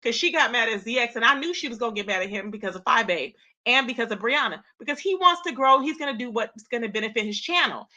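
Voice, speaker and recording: Woman live-streamer, high and bright, sassy straight-talking host addressing chat. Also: expressive, fast talker. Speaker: livestream host. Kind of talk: casual live-stream commentary.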